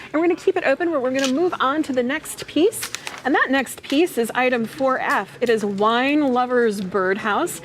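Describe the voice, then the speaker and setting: A woman's voice: high voice, moderate pace, slight background noise. Upbeat woman hosting a TV auction. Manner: upbeat, repeats bids and phone number. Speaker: auction host. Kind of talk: televised auction presenting. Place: TV studio.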